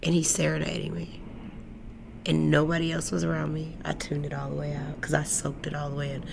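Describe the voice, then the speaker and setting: A woman musician, a guest in an interview, telling stories in a lively, animated way. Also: sits low, a little fast, creaky, a little hiss or hum. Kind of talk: casual interview storytelling.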